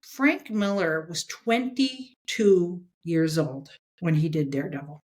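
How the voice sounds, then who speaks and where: A woman in her sixties, a guest in an interview, talking in an animated, emphatic way and checking her points with "okay?". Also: lowish voice, takes it slowly. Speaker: guest, comics editor. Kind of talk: casual interview chat.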